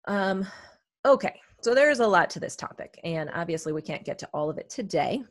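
Woman podcast host, lowish voice, chatty and thoughtful, dry close mic. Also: animated, fairly quick, no room sound. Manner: chatty, reflective, many fillers. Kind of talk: casual podcast chat.

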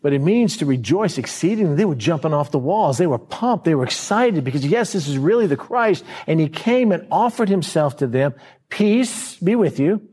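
A man preaching a verse-by-verse sermon in a conversational way, slowing down to stress key words and acting out scenes in quoted voices. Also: fairly high pitch, very animated, a little mellow, slightly rough. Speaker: pastor.

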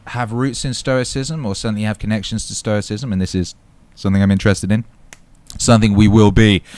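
Hyped, swearing livestream host man. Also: lowish voice. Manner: hyped, swearing, chatty shout-outs. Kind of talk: casual live chat reading comments.

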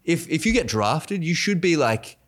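A man with an Australian accent, a comedian guest chatting casually, animated and slipping into mock voices. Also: on the high side, normal speed. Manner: animated, mimics voices, many restarts. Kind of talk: casual podcast chat.

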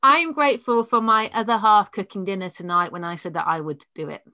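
A woman's voice: medium pitch, fairly quick, bright, forceful tone, no echo, clean studio sound. A woman from Yorkshire with a light northern English accent, hosting a podcast from her spare room at home in friendly, teasing chat. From Yorkshire, England. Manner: friendly, laughs easily, teasing. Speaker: podcast host.

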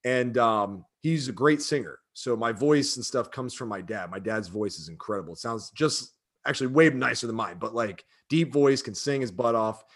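A man's voice: mid-range voice, normal speed, a bit bright, breathy edge. A man in his thirties talking casually and emotionally, with lots of fillers and rambling asides. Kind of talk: casual chat.

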